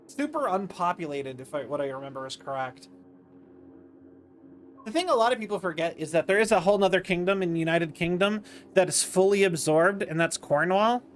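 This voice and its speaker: A man's voice: sits high, a bit bright, slight background noise. A male streamer chatting over gameplay in a rambling, self-deprecating way. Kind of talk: live-stream gameplay chat.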